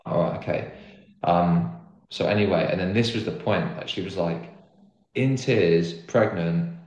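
A young man with a lowish voice tells his story in a loose, earnest ramble, leaning on filler words as he goes. The room around him is echoey and reverberant. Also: measured pace, darkish tone. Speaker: guest footballer. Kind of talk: casual storytelling chat. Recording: roomy echo.

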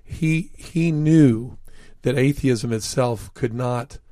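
In a studio interview, a male author tells stories with sincerity, leaning on frequent fillers and dragging out the words he wants to stress. The recording is dry and close, with no echo, and his middle-range voice has a mellow quality.

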